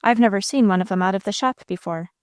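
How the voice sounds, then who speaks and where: A woman's voice: medium pitch, quick pace, darkish tone, no echo, clean studio sound, natural voice. A woman reading aloud as a father who makes talking dolls, speaking in a brusque, folksy way. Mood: hearty. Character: blustery doll-making father, impatient.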